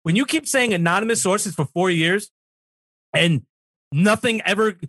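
A man's voice: sits high, normal speed, fairly bright tone, no room sound, studio quality. A man on a political talk show, ranting heatedly and swearing emphatically.

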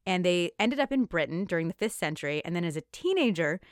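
A woman's voice: fairly low pitch, expressive, quick pace, dry recording, clean studio sound. A woman hosting a history podcast, upbeat and chatty as she tells researched stories and laughs easily. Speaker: podcast host. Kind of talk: casual podcast chat, reading researched history.

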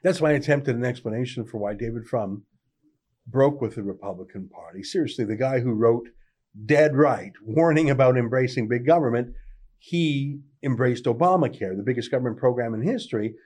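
A man's voice: mid-range voice, fairly quick, darkish tone, breathy edge. A man delivering a sardonic, conversational political opinion monologue. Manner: sardonic, conversational, dry mockery. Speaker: political commentator.

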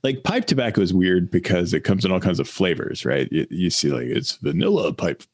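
A man co-hosting a casual chat, rambling and halting, laughing often and mimicking voices in his stories. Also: sits low, lively intonation, husky, dry recording. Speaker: podcast co-host.

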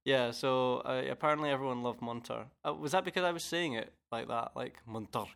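A young man with a Scottish accent chats loosely on a podcast, giggling and poking fun at himself as he rambles. His voice has a gravelly, fry-laced edge at an ordinary middle pitch. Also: a little fast, fairly bright tone. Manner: giggly, rambling, self-mocking. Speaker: podcast co-host. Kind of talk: casual chat.

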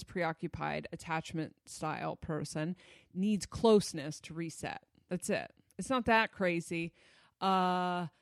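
Gravelly-voiced blunt relationship coach. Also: medium pitch, dry recording, studio quality. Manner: blunt, swears freely, loose and conversational. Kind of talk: casual monologue to an audience.

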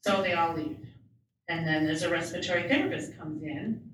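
A woman's voice: on the low side, normal speed, fairly bright tone, a little hiss or hum. A woman interpreter voicing a first-person personal story in a plain, conversational way, with small restarts. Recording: very echoey room, distant mic, faint ambience.

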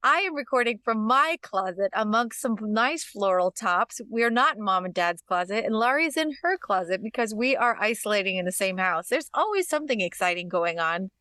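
A woman's voice: medium pitch, lively intonation, fairly quick, few pauses, sharp tone, no echo. Female co-host, chatty and upbeat, recording in a closet, dead-dry sound. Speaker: podcast co-host. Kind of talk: casual chat. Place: home closet among clothes.

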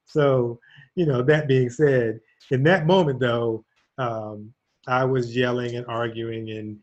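A man's voice: medium pitch, fairly even intonation, slow pace, darkish tone. Male host, casual reflective storyteller, muffled lo-fi audio. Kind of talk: casual conversation. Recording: dull lo-fi audio.

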